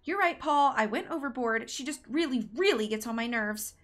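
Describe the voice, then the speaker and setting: A woman's voice: high voice, expressive, normal speed, a bit bright, faint music behind. A woman playing an imperious prima donna. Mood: sharp. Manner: demanding, imperious.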